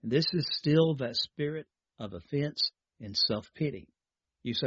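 A husky-voiced man preaches a sermon, moving between reading scripture aloud and speaking directly to his listeners. The sound is dry and somewhat muffled, with little room around it. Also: medium pitch, expressive, unhurried, a bit bright, no room sound.

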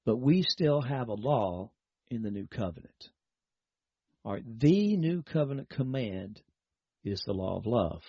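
Male radio preacher, husky, earnest exhortation, dry dull broadcast sound. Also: mid-range voice, expressive, measured pace, dry recording. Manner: earnest, exhorting, leads a prayer. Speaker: radio Bible teacher. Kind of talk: broadcast sermon. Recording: dull lo-fi broadcast with faint music.

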